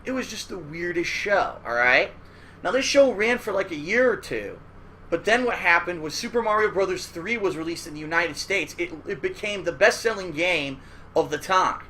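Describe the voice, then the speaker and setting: Looking back at old cartoons in loose, profane, rambling commentary, the host keeps asking "all right?". He has a high-pitched, bright, forceful and expressive voice at normal speed, with a little hiss or hum.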